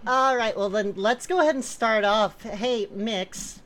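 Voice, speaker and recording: Hosting a group call, a woman with a fairly high voice reads a joke quiz aloud in a playful mock-hypnotic style. She slides between slow, soothing murmurs and loud, giggly shouts.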